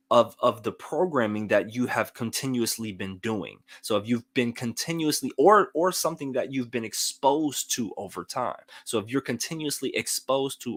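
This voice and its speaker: A man's voice: medium pitch, fairly bright tone, no echo. A man hosting a live motivational talk, explaining earnestly and often checking in with "right?". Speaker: motivational show host.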